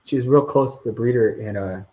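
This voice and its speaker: A man's voice: medium pitch, a little fast, warm tone, lo-fi sound. A man hosting a live stream Q&A outdoors, rambling casually as he reads out viewer comments. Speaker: channel host.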